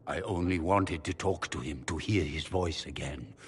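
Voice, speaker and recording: An actor playing a stern but remorseful older male magister who pleads with his son in a measured, apologetic manner. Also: rumbling low, a little hiss or hum. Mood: pleading. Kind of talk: game character dialogue.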